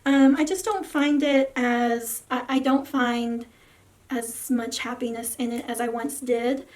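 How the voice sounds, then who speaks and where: A young woman with a high voice talks casually to her viewers, her throat sore and worn. She rambles through her thoughts with plenty of fillers and lets her sentences fade off softly. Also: fairly even intonation, a little slow. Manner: rambling, many fillers and soft trailing words. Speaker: photocard collecting vlogger. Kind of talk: casual rambling vlog talk.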